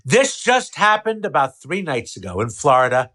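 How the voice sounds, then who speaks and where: A man's voice: fairly high pitch, moderate pace. A man, a podcast guest, telling casual stories and playing out both sides of a conversation. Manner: animated storyteller who acts out both sides of a conversation.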